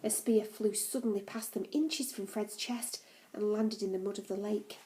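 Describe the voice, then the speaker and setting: A woman reading a novel aloud in a calm, even storytelling manner. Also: mid-range voice, normal speed, a little hiss or hum, poor audio. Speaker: audiobook reader.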